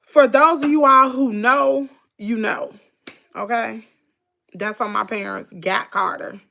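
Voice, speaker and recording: A middle-aged woman with a Southern US accent hosts a casual livestream and chats with her viewers in a folksy way. Her voice sits fairly high, bright and forward, with a gravelly edge. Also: steady tone, slow. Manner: chatty, folksy, reads out viewer comments. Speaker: livestream host.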